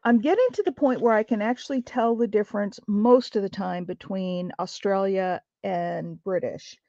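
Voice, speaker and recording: A woman's voice: medium pitch, normal speed, warm tone, no echo, lo-fi sound. A woman hosting a craft livestream, chatting casually with viewers and thinking aloud as she works. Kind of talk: casual chat while crafting.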